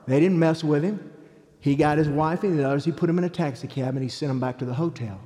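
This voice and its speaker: Evangelist, middle-aged, animated storyteller, warm-toned, big hall reverb. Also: male voice, a little high, fast talker. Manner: animated storyteller acting out quotes. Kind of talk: preaching testimony.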